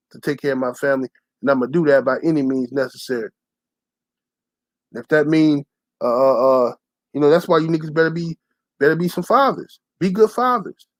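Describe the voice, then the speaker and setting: A young man ranting to his channel's viewers, telling a story in a loud, profane, heated way and shouting the lines he quotes. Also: fairly high pitch, no room sound. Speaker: channel host. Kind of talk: profane storytelling rant to camera.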